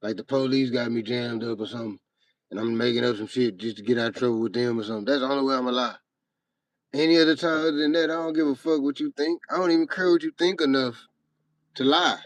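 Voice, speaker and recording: A man's voice: medium pitch, quick pace, no room sound. A young man hosting a livestream, talking bluntly and profanely in a rambling, casual way to his chat. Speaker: livestream host.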